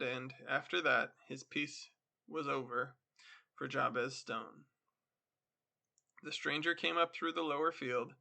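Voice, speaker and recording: A man hosting a podcast, reading a classic story aloud in a steady storytelling manner. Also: a little high, gravelly. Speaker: podcast host and story reader. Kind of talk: literary reading.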